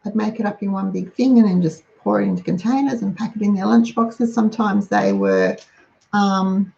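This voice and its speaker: A middle-aged woman talks through household tips in a relaxed, practical way, listing items one after another. Her voice has a gravelly fry. The recording sounds dull and lo-fi. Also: mid-range voice, normal speed. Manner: chatty, practical, runs through lists. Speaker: host giving lunchbox tips. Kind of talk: casual how-to talk.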